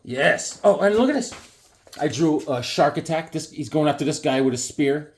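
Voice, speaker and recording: A man talking casually to his camera about his drawings and comic books. His pitch swings widely and sits a little high for a man, and he keeps breaking into quick silly voices. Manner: animated, jumps into quick silly voices and shouts.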